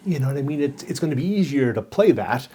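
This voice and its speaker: A man's voice: mid-range voice, very animated, fast, dark tone, slight background noise. A man co-hosting a podcast in casual chat, hesitant and full of restarts, from Canada. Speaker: podcast co-host.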